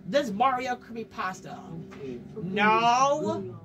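A woman giving jumpy reaction commentary, her high voice leaping all over as she exclaims and swears. She talks slowly, a bit far from the mic, with clear music playing behind her. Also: sing-song, a crowd in the background. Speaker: video reactor.

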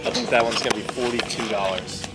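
A man's voice: mid-range voice, steady tone, quick pace, echoey room, poor audio. A man chatting casually and amused with friends on a trip. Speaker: friend of the vlogger. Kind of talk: casual chat. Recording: loud music behind.

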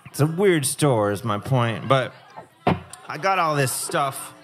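A man performing a crude, deadpan stand-up comedy set on a live music club stage, speaking into a stage microphone. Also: medium pitch, takes it slowly. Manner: deadpan, crude, rambling storytelling.

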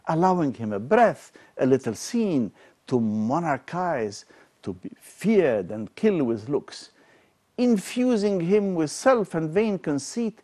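A man reciting the lines of a melancholy deposed king in slow, declamatory verse, his loudness swelling and falling. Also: fairly high pitch, voice pushed up, full character voice. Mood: mournful.

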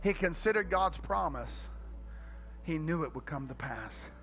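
An unhurried, middle-aged pastor with a fairly high male voice delivers an energetic sermon. He tells comic stories, his volume swinging from quiet asides up to loud shouting.

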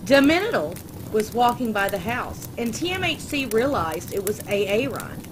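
A woman reading a crude comic fan story aloud in a deadpan, unhurried way. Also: a little high. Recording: noisy background ambience.

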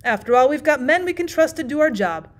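A cool young prankster, as a woman reader puts him on, delivers outrageous news in a careless, matter-of-fact way. The tone stays calm and lightly menacing, in a fairly high voice. It sounds like a storybook reading. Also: fast.

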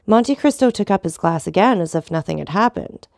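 Woman narrator for a classic novel, gravelly, dry close sound. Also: lowish voice, lively intonation, brisk, darkish tone, dry recording. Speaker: audiobook narrator. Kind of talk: scripted narration.

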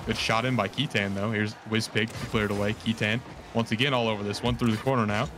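A man calling esports play-by-play in a quick, rambling way, often correcting himself mid-sentence. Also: fairly low pitch, fairly even intonation, background noise. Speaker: play-by-play caster.

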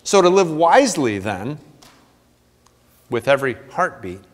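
A man's voice: a little high, very animated, unhurried, big-room sound. A man preaching a sermon as pastor, reading scripture aloud in an earnest way with playful asides. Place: church sanctuary.

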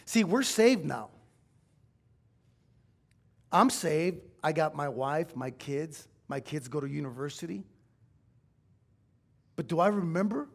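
A middle-aged man, a pastor, preaching a sermon in a church, telling a personal story in an emotional, confessional way that swells at times into shouting. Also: on the high side, lively intonation, slow pace, gravelly, long pauses. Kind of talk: sermon testimony. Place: church sanctuary.

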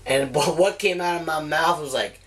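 A man telling a long story in a casual, rambling way, swearing constantly and retelling moments with animated energy. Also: a little high, moderate pace, far from the mic. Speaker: cigar reviewer telling a story.

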